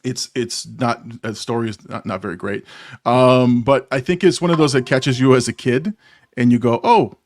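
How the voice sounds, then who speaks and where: A man's voice: mid-range voice, moderate pace, darkish tone, no room sound. A man in his forties hosting a casual movie chat, rambling and self-deprecating, laughing often. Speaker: podcast host.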